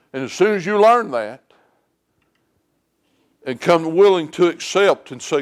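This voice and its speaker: A man's voice: on the high side, animated, measured pace, pauses often, smooth. A man preaching a sermon in a church, plain-spoken and folksy, telling homespun stories. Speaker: lay preacher. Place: church sanctuary.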